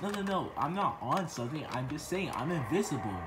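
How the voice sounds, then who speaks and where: A man voicing a loud whiny cocky shark. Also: on the high side, very animated, a little fast, background noise. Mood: protesting. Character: brash cocky male shark, thinks he's invisible.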